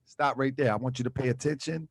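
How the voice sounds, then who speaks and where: A man's voice: mid-range voice, fairly even intonation, fast talker, breathy edge, dry recording. A man hosting an exposé commentary, talking casually with slang and hammering points with repeated rhetorical questions. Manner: repetitive, emphatic, rhetorical questions. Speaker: channel host. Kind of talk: exposé commentary on video clips.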